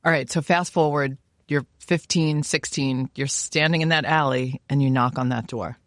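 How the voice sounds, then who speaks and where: Playful American interview host, dry mic. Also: male voice, mid-range voice, steady tone, moderate pace, fairly bright tone, no room sound. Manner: playful, enthusiastic, teasing. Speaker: podcast host. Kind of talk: casual interview chat.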